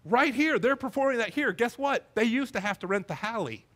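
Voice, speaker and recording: Man, pastor, sermon, high voice, animated storytelling, church sanctuary. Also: a little fast.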